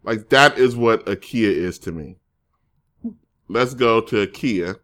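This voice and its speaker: A man's voice: lowish voice, slow pace, a bit bright. A man streaming casually, reading viewer comments and rambling through jokes and self-corrections.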